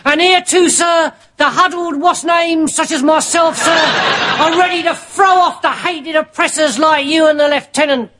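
Baldrick, a dim earnest private. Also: male voice, extremely high pitch, fairly even intonation, background noise. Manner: slow, muddled earnestness, says sir a lot. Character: dim, earnest army private, a lowly batman. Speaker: soldier. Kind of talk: studio sitcom acting.

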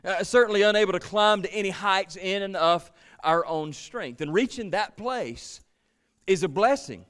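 A male pastor delivers a sermon in an earnest, emphatic way. His voice sits a little high for a man, and he repeats words as he builds his points, swelling loud and then falling to near quiet. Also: normal speed.

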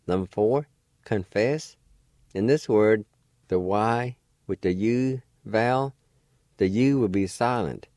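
Brief: male language teacher, low voice, very slow and patient, spells and sounds out syllables. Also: darkish tone, no echo, clean studio sound. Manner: patient, spells out letters and syllables one at a time. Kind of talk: slow spelling and pronunciation lesson.

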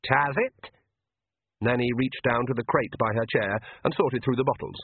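A man's voice: medium pitch, fairly even intonation, fairly quick, husky, dry recording. A man narrating a story aloud. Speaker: audiobook narrator. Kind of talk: scripted narration. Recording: tinny phone-like dry sound.

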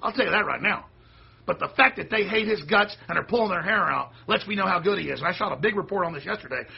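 A man hosting a show, delivering a heated, combative political rant that bursts into shouting. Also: high voice, fast talker, gravelly, husky, lo-fi sound. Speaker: host.

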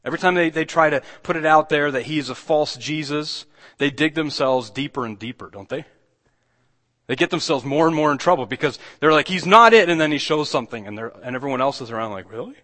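A man's voice: a little high, a little fast, a bit bright, long reverb tail. A man preaching a sermon as pastor, talking in a loose conversational way with many restarts and acting out the quoted lines.

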